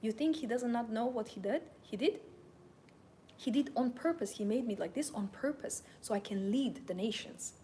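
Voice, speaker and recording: A woman's voice: on the high side, moderate pace, warm tone, a little hiss or hum. A young adult woman hosting a live motivational talk, speaking in a passionate, emphatic, self-assured way. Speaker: host and femininity coach.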